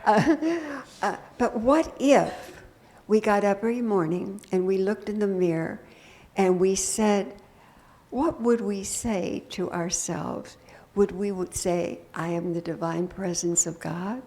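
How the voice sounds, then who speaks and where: An older woman minister preaching a sermon to her congregation, conversational and gently humorous, often asking the room questions. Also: mid-range voice, takes it slowly. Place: church sanctuary.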